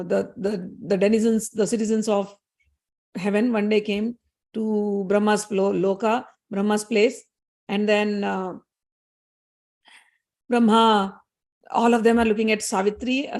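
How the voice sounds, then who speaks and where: Female spiritual teacher, storytelling discourse, conversational and explanatory, slightly high voice. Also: a little mellow. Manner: conversational, explanatory, with fillers and asides.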